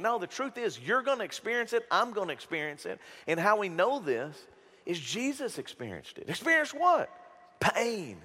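A man preaching a sermon as pastor, emphatic and animated, with jokes and stories. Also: sits high, brisk, husky, in a large hall. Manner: animated, emphatic, joking storyteller.

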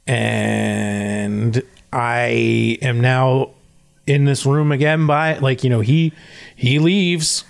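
Man, casual storyteller, rambling, animated retelling full of "like". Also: mid-range voice, very slow, vocal fry. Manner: rambling, many "like" and "he's like" fillers; acts out quotes in animated retelling. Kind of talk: casual chat.

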